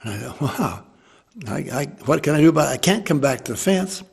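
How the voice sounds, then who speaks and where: An older American man telling a war memory to an interviewer, lively and acting out the people he quotes. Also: fairly high pitch, a little fast, creaky, slightly rough. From United States. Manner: animated storyteller who voices quoted people. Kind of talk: storytelling.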